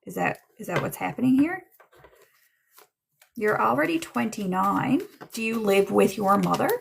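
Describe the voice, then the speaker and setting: A woman doing a casual livestream tarot reading, chatting to viewers and dropping into soft muttered asides. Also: mid-range voice, normal speed, creaky, slight background noise. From Newfoundland, Canada. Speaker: tarot reader and medium.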